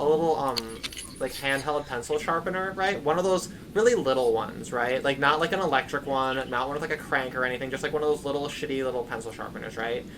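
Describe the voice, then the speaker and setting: A young man with a mid-range voice chats casually against a noisy background. He's an English teacher of young kids and a stream co-host who tells rambling stories packed with filler "like" and "right?".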